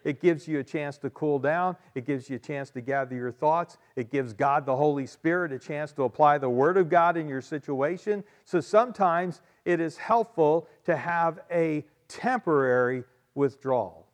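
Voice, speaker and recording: A man's voice: a little high, normal speed, few pauses. A man preaching a sermon as pastor, emphatic and conversational, often repeating key phrases and adding asides to his congregation.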